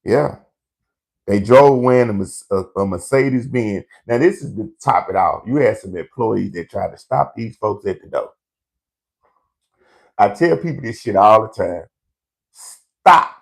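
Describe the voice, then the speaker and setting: A man's voice: lowish voice, animated, normal speed, gravelly, a little mellow. A man hosting a live comedy show, ranting in a brash, profane storytelling way to online viewers.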